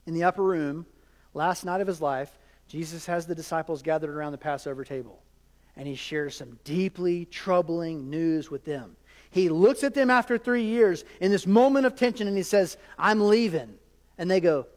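A male pastor preaching a sermon in an animated, conversational way, often checking in with his congregation. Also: high voice, moderate pace. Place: large church hall. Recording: hall reverb.

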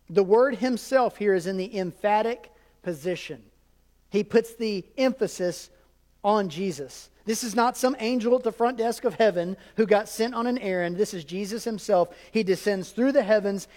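High-voiced pastor preaching in a reverberant hall. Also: male voice, normal speed, darkish tone. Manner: conversational preaching with asides to the congregation. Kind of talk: sermon. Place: church sanctuary. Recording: long reverb of a church hall.

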